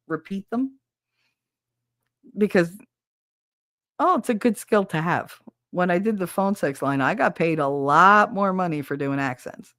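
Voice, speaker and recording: A woman's voice: medium pitch, dry recording, studio quality. A woman with a Southern accent hosting a casual podcast chat, talking frankly and profanely and laughing often. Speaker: podcast host.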